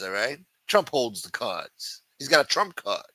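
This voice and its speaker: A man hosting a live chat stream swears constantly, loudly taunting viewers and then muttering as he answers the chat, swinging between shouting and mumbling in a profane rant. His voice is medium-pitched and sing-song, a little slow with few pauses, and there's no echo.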